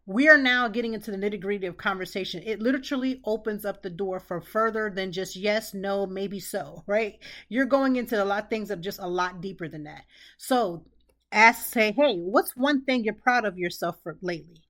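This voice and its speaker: Middle-aged woman host talking it through, earnest, says things twice to drive it home, mid pitch. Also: moderate pace, fairly bright tone. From Pennsylvania, United States. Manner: earnest, repeats phrases for emphasis. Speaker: podcast host. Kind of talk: casual advice talk.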